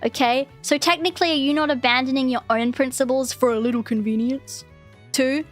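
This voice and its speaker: A woman's voice: high voice, brisk, soft background music. A young woman streamer ranting casually, swearing often and mocking people in exaggerated voices. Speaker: VTuber streamer.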